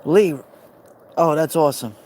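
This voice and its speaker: A man's voice: fairly high pitch, a little slow, slight background noise. A man from New York with a New York accent, hosting a casual live chat by a fire pit and answering viewers in a reflective, friendly way. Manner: warm, reflective, responds to viewers by name. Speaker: livestream host.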